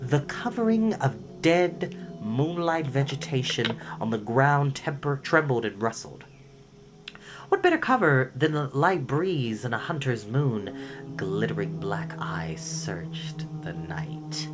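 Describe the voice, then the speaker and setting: A man narrates a storybook in a dramatic, expressive way. His pitch moves a great deal as he reads. Gentle music plays behind him. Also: unhurried, muffled recording. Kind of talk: storybook read-aloud.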